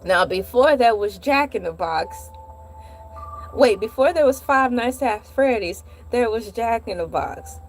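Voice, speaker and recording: A woman hosting a vlog, telling a comedic story in an animated, playful way with dramatic asides. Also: on the high side, measured pace, slight background noise. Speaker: vlog host.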